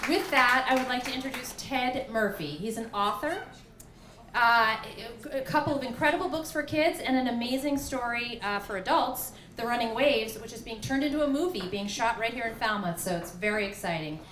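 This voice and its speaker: A woman's voice: fairly high pitch, normal speed, a bit bright, a little hiss or hum. A woman hosting a storytelling night, enthusiastically introducing the next speaker. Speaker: event host. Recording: echoey room.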